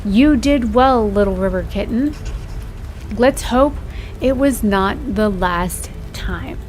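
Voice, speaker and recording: A woman reading aloud the lines of an ancient, stern witch from a video game, slowly and solemnly. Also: mid-range voice, darkish tone, faint music behind, natural voice.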